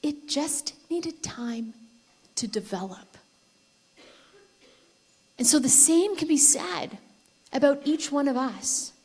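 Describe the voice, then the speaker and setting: Woman, keynote speaker, high voice, lively storyteller, quizzes the crowd. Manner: lively storytelling, asks the audience questions. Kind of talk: conference keynote speech. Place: conference stage before a live audience.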